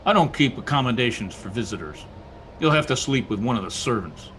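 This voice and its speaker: A man's voice: mid-range voice, expressive, fairly quick, a bit bright, a little hiss or hum, close to an everyday voice. A man playing a brooding, harsh master of a moorland house in an old-time radio drama, speaking curtly. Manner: curt, gruff. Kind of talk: 1930s-style radio drama acting.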